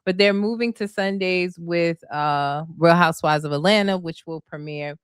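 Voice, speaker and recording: A woman chats casually to her viewers, recapping a reality show, gushing over the cast, and calling everyone "y'all" and "honey." Her voice is lowish and smooth at a moderate pace, in a clean studio recording with no room sound.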